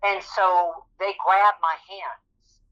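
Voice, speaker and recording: A woman with a bright, forward voice tells her own story to an interviewer with earnest, dramatic intensity. The recording sounds dull and lo-fi. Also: lowish voice, steady tone, very slow. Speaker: guest telling her testimony. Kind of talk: emotional personal storytelling.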